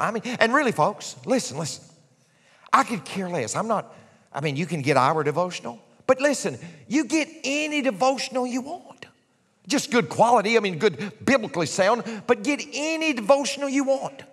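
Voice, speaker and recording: A man preaching a sermon as pastor, swinging from hushed whispers to shouts. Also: high-pitched, big pitch swings, normal speed, slightly rough. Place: large church sanctuary. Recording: long church hall reverb.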